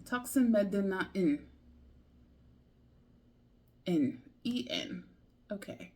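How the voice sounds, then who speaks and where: Woman, casual diary talk, unhurried, rambling, mid-range pitch. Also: expressive, mellow. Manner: thinking aloud, loose and rambling. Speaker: language learner.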